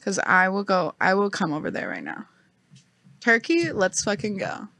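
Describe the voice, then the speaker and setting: Bright, blunt young woman chatting. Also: medium pitch, huge pitch swings, normal speed, gravelly, dry recording. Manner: blunt, swears freely, laughs often. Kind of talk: casual chat.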